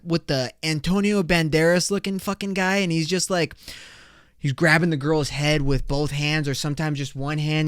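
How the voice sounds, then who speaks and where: A young man hosting a solo podcast, ranting in an excitable, profane, slangy way. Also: on the high side, no echo, clean studio sound. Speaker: podcast host.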